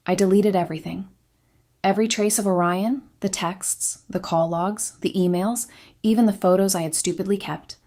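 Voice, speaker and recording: A woman narrating a first-person story in a steady, confessional way. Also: mid-range voice, normal speed.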